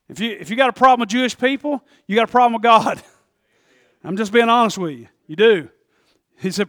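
A man preaching a sermon, joking and laughing at himself, then building up to shouted climaxes. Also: sits high, no echo, studio quality. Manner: jokey, self-deprecating, builds to shouting. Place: church.

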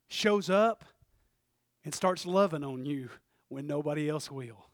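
A man's voice: fairly high pitch, expressive, measured pace, no echo, clean studio sound. A man preaching a sermon, telling a story emphatically and repeating phrases as he builds.

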